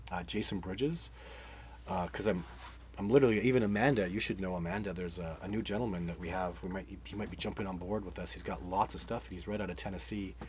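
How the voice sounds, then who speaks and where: A man's voice: low-pitched, darkish tone. A man hosting a live show, chatting with viewers as he reads their comments, rambling and enthusiastic with many restarts. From Canada. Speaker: host of a live Bigfoot show. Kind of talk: live-stream chat answering viewer comments. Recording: dull sound with faint background noise.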